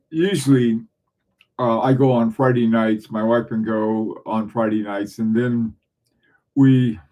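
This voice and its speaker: A man's voice: on the low side, dark tone. A middle-aged man from southern New England chatting casually with viewers on a livestream, rambling with frequent restarts and chuckles. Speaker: livestream host.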